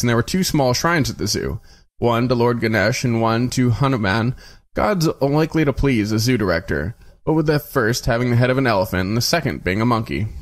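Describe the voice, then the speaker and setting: A man narrating a novel aloud in a wry storytelling manner, with occasional slips and restarts. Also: mid-range voice. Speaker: reader.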